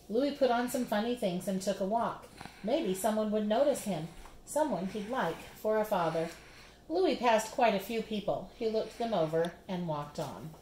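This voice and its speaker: A woman reading a children's picture book aloud with expressive storybook narration, recorded in a roomy space. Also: mid-range voice, moderate pace, slight background noise.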